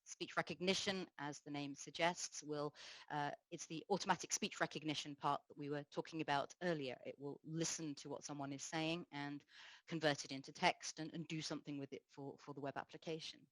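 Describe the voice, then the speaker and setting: Low-voiced woman giving a tech talk. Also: steady tone, fairly bright tone, no room sound, rough recording. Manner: explanatory, measured, frequent fillers. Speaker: conference speaker. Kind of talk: technical conference talk.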